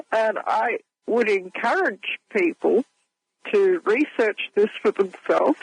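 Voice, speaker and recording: A woman's voice: medium pitch, lively intonation, drawn-out words, gravelly, pauses often, slightly rough, no room sound. A woman calling in to a talk radio show, explaining earnestly with many hesitant fillers. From Australia. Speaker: guest caller. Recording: phone line with faint music.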